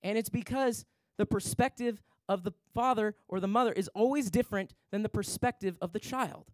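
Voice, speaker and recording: A man's voice: high-pitched, brisk, no room sound. A young man preaching a sermon in a large church, telling stories and acting out the voices in them. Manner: animated storyteller, acts out voices. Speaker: pastor. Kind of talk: sermon with storytelling. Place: large church worship center.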